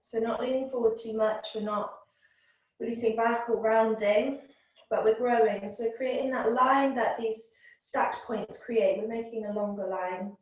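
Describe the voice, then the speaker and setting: A woman teaching a yoga class, guiding the breath in a calm, gentle, unhurried way. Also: fairly high pitch. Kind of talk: guided yoga and breathing instruction. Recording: very echoey room, voice from a distance.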